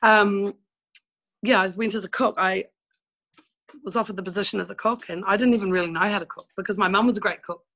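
Kiwi lady yarning away in an interview, bright and a bit croaky, swears a little. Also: mid-range voice, fairly even intonation, fairly quick, low-quality recording. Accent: New Zealand. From New Zealand. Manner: chatty and frank, with mild swearing and laughing asides. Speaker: guest telling life stories. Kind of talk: casual storytelling interview.

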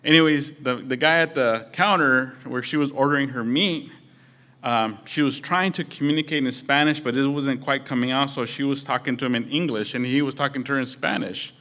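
A man's voice: medium pitch, a little fast, bright, forceful tone. A man preaching a sermon as pastor, conversational and storytelling with touches of humor.

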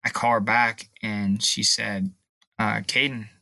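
A young man sharing a personal testimony in an interview, emotional and halting, at times tearful. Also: fairly low pitch, level tone, creaky, sharp tone, no echo. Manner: emotional, halting, pauses and restarts. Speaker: guest.

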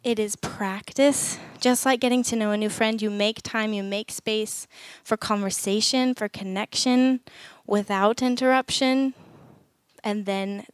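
A woman's voice: mid-range voice, steady tone, measured pace, clean tone, no room sound, clean studio sound. A woman speaking earnestly to parents at a church gathering, conversational, acting out short prayers as she goes. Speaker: women's ministry speaker. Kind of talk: sermon talk to parents.

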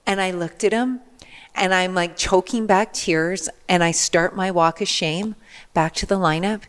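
A middle-aged woman, a podcast guest, telling a personal story in an animated way, acting out the people in it. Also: on the low side, unhurried, clear, resonant tone.

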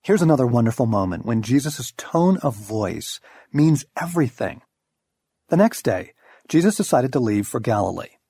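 Husky middle-aged man, wry lively storytelling. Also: mid-range voice, normal speed, dry recording, studio quality. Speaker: audiobook narrator. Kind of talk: scripted devotional narration.

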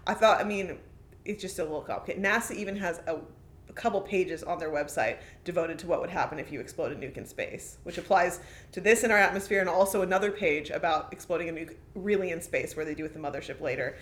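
A podcast co-host in a casual movie discussion, recapping scenes in animated detail. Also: medium pitch, quick pace.

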